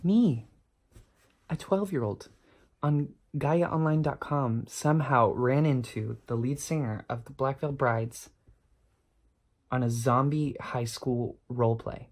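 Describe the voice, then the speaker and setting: Animated, self-mocking young man vlogging. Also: medium pitch. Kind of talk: storytime vlog.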